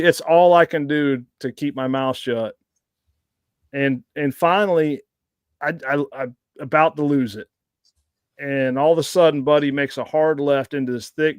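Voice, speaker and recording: A man's voice: on the high side, darkish tone, smooth, dry recording, clean studio sound. A man casually telling rambling hunting-dog stories on a podcast, laughing now and then. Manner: rambling anecdotes with frequent laughs. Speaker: blood tracker guest.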